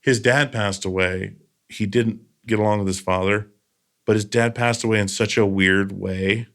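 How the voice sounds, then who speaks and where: A man's voice: on the low side, steady tone, moderate pace, fairly bright tone. A man hosting a podcast, telling stories in a casual, earnest way with trailing asides. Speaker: podcast host.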